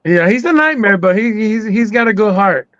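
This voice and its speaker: A high-pitched man co-hosting a casual chat, playful and animated. His bright voice sounds dry and a little dull. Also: moderate pace, no echo. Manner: animated, playful, swears freely. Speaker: co-host.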